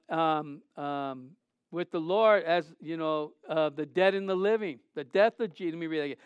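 High-voiced animated preaching man. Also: clear, resonant tone, no echo, dull audio. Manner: animated preaching, storytelling, acts out quoted voices. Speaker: pastor. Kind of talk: sermon.

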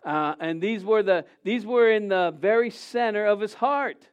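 Middle-aged male pastor with a high, smooth voice, preaching conversationally with rhetorical questions and frequent restarts. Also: moderate pace. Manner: frequent restarts and self-corrections. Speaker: senior pastor. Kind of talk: sermon.

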